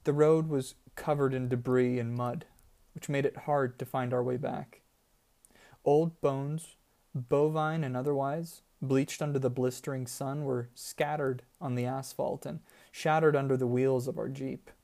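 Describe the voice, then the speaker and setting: Slow, mellow male storyteller. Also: mid-range voice, fairly even intonation, creaky. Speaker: audiobook narrator. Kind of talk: scripted story narration.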